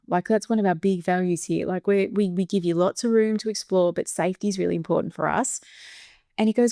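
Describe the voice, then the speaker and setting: Middle-aged Australian woman, podcast host, lively storyteller who slips into quoted voices, close and dry sound. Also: on the low side, quick pace, no room sound. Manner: animated, laughs often, acts out quoted voices. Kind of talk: casual conversational storytelling.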